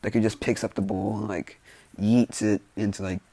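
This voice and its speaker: Casual male storyteller, low gravelly voice, loose and rambling delivery. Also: flat delivery, moderate pace, mellow, no echo. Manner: rambling, many fillers like "like" and "you know". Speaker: fan storyteller. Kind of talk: casual improvised fan-fiction narration. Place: indoors with rain outside.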